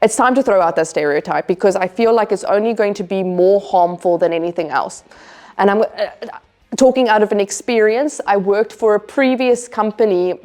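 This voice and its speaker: A woman speaking as an interview guest, with a voice of ordinary middle pitch. She talks casually but earnestly. She leans hard on her main points and comes back to them again and again. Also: a little mellow. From South Africa. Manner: earnest, emphatic, repeats key points. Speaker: interview guest, tech developer.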